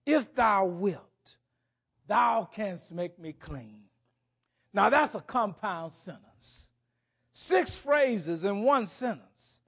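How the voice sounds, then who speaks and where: A man preaching a sermon, with dramatic swings between loud and soft. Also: very high voice, slightly rough, highs cut off. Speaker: pastor.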